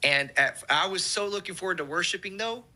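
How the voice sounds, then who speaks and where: A man, a pastor telling an animated testimony story and acting out the quotes. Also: high voice, brisk.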